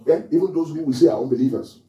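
A man's voice: a little high, rapid-fire, mellow, highs cut off. A man preaching a sermon to his congregation in a church, often asking them questions and waiting for their answers. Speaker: pastor. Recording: echoey hall, mic far off.

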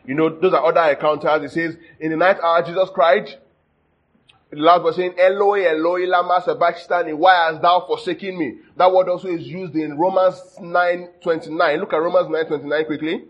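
High husky male preacher, lo-fi. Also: fairly even intonation, normal speed. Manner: checks in with the audience often, jokes and laughs. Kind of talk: sermon teaching. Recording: dull lo-fi sound.

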